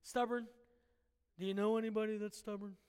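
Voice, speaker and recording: A man's voice: high voice, level tone, a little fast, a little mellow, clean tone, big-room sound. A man preaching a sermon in an emphatic, conversational way, asking his listeners questions directly.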